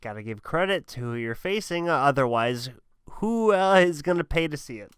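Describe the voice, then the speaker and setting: A man's voice: on the high side, normal speed, clean tone, no room sound, clean studio sound. A man giving sarcastic, mocking commentary on a wrestling clip. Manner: sarcastic, mocking, deadpan asides.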